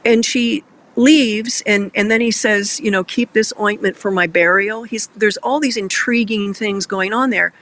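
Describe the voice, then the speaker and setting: A man with a high, gravelly voice hosts a Christian discussion show. He tells Bible stories in an earnest, heartfelt way, with a bright, tense edge to his tone. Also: fairly even intonation, a little slow. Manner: earnest, emotional storytelling.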